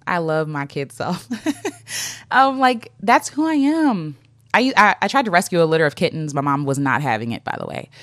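Earnest, lower-voiced woman reading affirmations. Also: no room sound, clean studio sound. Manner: earnest and open, laughs often, many fillers. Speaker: vlogger. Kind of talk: reading affirmations and reflecting aloud.

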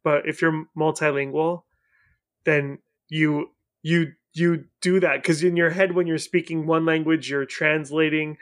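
A man hosting a casual podcast chat, his voice sitting a little high for a man. He tells stories in an animated way, stumbling and restarting as he goes, often breaking into laughter. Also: measured pace. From family of Iranian heritage. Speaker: podcast host.

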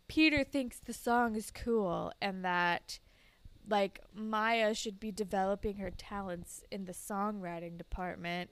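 A young woman talking casually as she recaps a show, slipping in quick quoted voices along the way. Her voice is very clear and smooth. The sound is close and dry, with no room echo. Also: mid-range voice. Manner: retells scenes with quick quoted voices and laughs. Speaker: podcast co-host recapping a TV episode. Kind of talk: casual chat.

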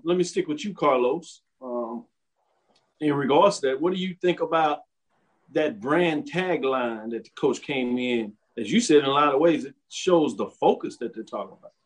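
A man's voice: on the high side, animated, rough recording. Upbeat talk radio host, man. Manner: upbeat, chatty, quick asides. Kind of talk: radio show and podcast hosting. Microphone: home studio mic.

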